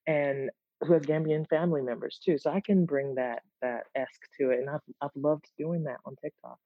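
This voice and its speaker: A woman guest chatting in an interview, animated and quick to laugh. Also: deep voice, dry recording. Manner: animated, laughs easily, restarts words. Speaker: guest, content creator. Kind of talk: casual interview chat. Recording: dull lo-fi, dry sound.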